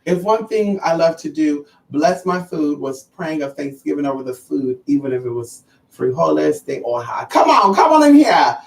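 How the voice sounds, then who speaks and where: A livestream host chatting casually with viewers, sassy, animated and profane, calling listeners honey and girl. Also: medium pitch, moderate pace, gravelly, a little hiss or hum. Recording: roomy and distant from the mic.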